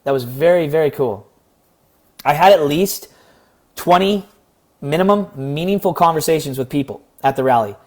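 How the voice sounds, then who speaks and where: A young man from Canada, talking through a personal story in a casual, rambling vlog, his voice slightly hoarse. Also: fairly high pitch, lively intonation, normal speed, pauses often, darkish tone. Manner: earnest, rambling, acts out quoted exchanges. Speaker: vlogger.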